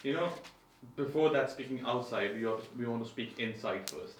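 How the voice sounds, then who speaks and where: Man, calm guest voice, fast and quiet, echoey room. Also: medium pitch, crowd noise.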